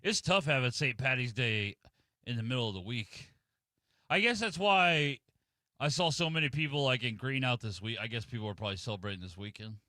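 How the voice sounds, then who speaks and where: A man's voice: medium pitch, a little fast, sharp tone, no room sound. A man co-hosting a morning radio show, answering with dry, skeptical remarks in casual banter. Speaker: radio co-host.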